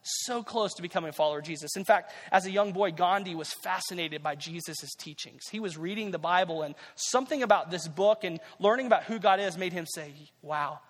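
A man's voice: sits high, fairly quick, few pauses, a bit bright, long reverb tail. A man preaching a sermon as pastor, conversational and repeating key phrases for emphasis.

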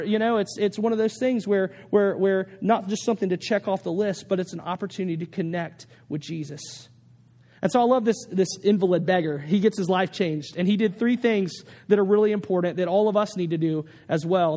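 A man preaching a sermon, telling a story earnestly with lots of restarts and rising excitement. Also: high-pitched, in a large hall. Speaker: pastor.

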